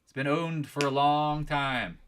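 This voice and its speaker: A man hosts a live market chat and rants at his viewers in a scolding tone. His voice is bright and forceful, and he keeps raising it to drive his points home. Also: fairly high pitch, unhurried, slight background noise. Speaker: trading channel host.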